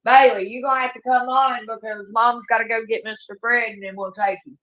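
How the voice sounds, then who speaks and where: A woman's voice: fairly high pitch, steady tone, brisk. A middle-aged woman calling in to a livestream, blunt and outspoken with a motherly streak. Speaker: caller on a livestream. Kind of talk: casual chat. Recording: dull muffled call-in audio.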